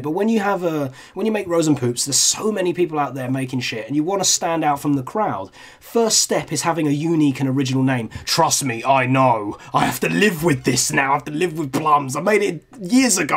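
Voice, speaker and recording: Candid young man reviewing videos. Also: on the high side. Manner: candid, casual, swears freely. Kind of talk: reaction commentary.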